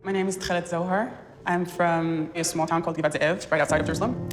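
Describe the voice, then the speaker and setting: A woman in her twenties speaking softly and hesitantly in a filmed debate, with an echo. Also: fairly low pitch, fairly even intonation, quick pace, soft background music. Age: 20s. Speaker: debate participant. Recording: echoey room with faint noise.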